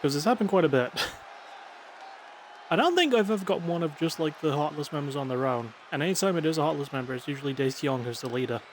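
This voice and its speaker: A man's voice: a little high, animated, a little fast. A sleepy man giving laid-back, swearing play-by-play commentary of a wrestling video game. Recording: crowd noise and game sounds behind.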